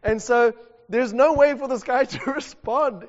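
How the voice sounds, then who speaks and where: A man preaches a sermon, telling a story with animated energy and frequent laughter. His voice is high, and the recording is muffled and dull, with a long hall reverb trailing his words. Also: unhurried.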